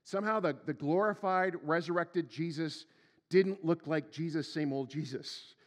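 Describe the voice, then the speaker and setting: A man's voice: on the high side, normal speed, big-room sound. A middle-aged man preaching a sermon as pastor, chatty and full of rhetorical questions to the congregation, laughing now and then. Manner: conversational, asks the audience rhetorical questions, laughs often.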